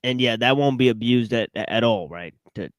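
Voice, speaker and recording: A man's voice: medium pitch, moderate pace, dry recording. A man hosting a podcast in casual chat, hesitant and full of fillers, sounding incredulous. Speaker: podcast host.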